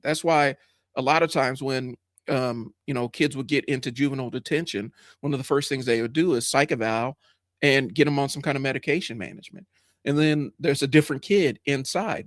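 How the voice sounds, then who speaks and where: A man with a stuffy head cold talks through a live stream in a casual, rambling monologue, full of ums and restarts. He is frank and swears now and then when something annoys him. His voice sits at a middle pitch and sounds dry and close, with no room around it. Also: no echo. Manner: frank, rambling with many fillers and restarts, greets chat viewers.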